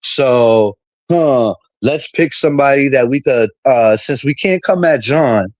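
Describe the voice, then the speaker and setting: A man's voice: mid-range voice, animated, unhurried, no echo, highs cut off. A man streaming a casual, heated monologue, full of street slang and repetition as he vents about a friend.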